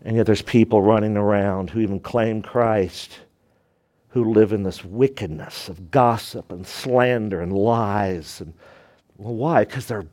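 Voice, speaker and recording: This pastor's voice is lowish and his pace measured as he preaches emphatically. He shifts between loud and quiet delivery and keeps asking his congregation rhetorical questions.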